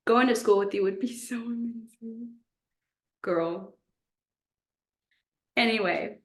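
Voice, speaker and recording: Giggly, gushing young woman. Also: mid-range voice. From Texas. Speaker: podcast co-host. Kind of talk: casual chat.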